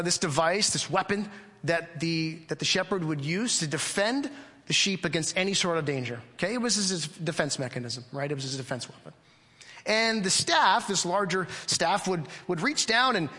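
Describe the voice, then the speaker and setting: A man's voice: on the high side, sharp tone. A middle-aged man preaching a sermon to his congregation, earnest and conversational, often asking the listeners questions. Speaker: pastor. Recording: long hall reverb.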